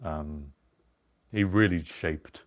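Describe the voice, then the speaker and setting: A man's voice: extremely low pitch, drawn-out words. A young British man co-hosting a casual podcast, rambling and reflective, swearing now and then. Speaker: podcast co-host. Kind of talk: casual chat.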